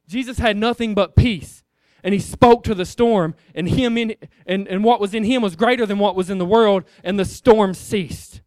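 A man preaching in a loose, conversational way, throwing questions out to the congregation. His voice is high and smooth, and it sounds dry and close. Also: normal speed, a little mellow, no echo. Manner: conversational, rhetorical questions, addresses the congregation as guys. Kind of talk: informal sermon.

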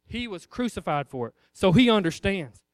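A man preaching in a loose, conversational way, throwing questions out to the congregation. His voice is high and smooth, and it sounds dry and close. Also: very animated, moderate pace, no room sound. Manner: conversational, rhetorical questions, addresses the congregation as guys. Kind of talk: informal sermon.

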